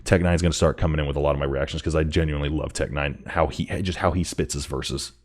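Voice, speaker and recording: A man with a very deep voice gives casual reaction commentary on a rap song. He talks in halting bursts, repeating words as he thinks aloud, and his pitch leaps up when he gets excited. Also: very noisy. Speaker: music reaction host.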